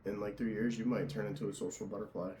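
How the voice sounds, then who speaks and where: A man's voice: on the low side, fairly even intonation, fast talker, mellow, a little hiss or hum. A young man hosting a casual interview, easygoing and chatty, laughing often. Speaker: podcast host and tattoo artist.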